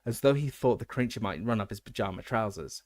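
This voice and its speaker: A man's voice: lowish voice, fairly quick, dry recording. Male audiobook narrator with a dry, close sound. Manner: steady reading with occasional stumbles and self-corrections. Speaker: audiobook reader.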